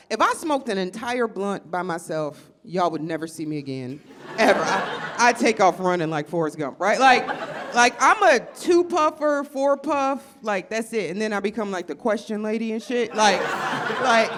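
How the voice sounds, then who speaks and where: A woman doing stand-up comedy, loud and profane, laughing at her own jokes. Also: fairly high pitch, background noise. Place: live comedy show before an audience.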